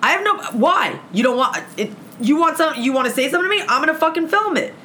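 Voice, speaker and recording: In casual chat, a woman guest fast-talks her way through a heated story about a run-in, her voice high, bright and forward with lively intonation. She swears all the time and acts out each side of the argument with real gusto, over faint background noise.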